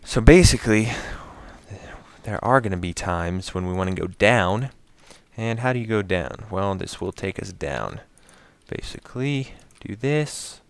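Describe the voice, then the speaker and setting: A man with a low, gravelly voice talks his viewers through a building game in an unhurried, easygoing way, often muttering to himself and counting items aloud as he places them. His tone stays smooth and clear under the grit, and the sound is dry and close. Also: lively intonation, no room sound. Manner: explains step by step to his viewers. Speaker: Minecraft builder and commentator. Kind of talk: casual gameplay commentary.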